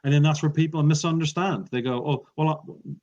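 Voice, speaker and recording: A man's voice: on the high side, steady tone, brisk, darkish tone. A man who trains speakers, giving feedback in an interview and explaining points with emphatic examples. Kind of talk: coaching interview talk. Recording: dull lo-fi sound.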